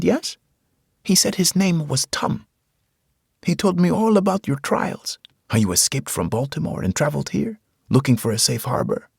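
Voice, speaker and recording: A man voicing a short, thin, middle-aged preacher with a Spanish accent who talks calmly and gently, as if to a child. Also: a little high, creaky, husky, no room sound, clean studio sound, voice pushed up, exaggerated voice. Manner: calm, gentle, speaks as if to a child.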